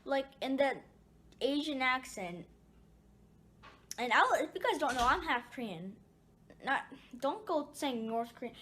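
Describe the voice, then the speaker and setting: A woman's voice: sits high, lively intonation, measured pace, long pauses, a bit bright, slight background noise. A woman casually telling a personal story to her viewers, rambling with ums and restarts. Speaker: storyteller vlogger.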